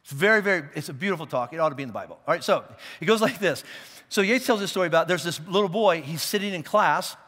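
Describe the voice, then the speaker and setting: A man's voice: on the high side, lively intonation, fast, fairly bright tone, in a large hall. A man preaching a sermon as a pastor, talking conversationally and checking in with listeners, often restarting his words. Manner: repeats and restarts words as he thinks. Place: church auditorium.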